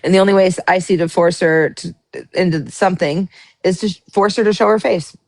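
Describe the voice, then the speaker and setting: A woman's voice: fairly low pitch, fairly even intonation, a little fast, a little mellow, dry recording. A woman hosting a live stream, telling a story casually, full of fillers, restarts and swearing. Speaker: livestream host. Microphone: phone or webcam on a live stream.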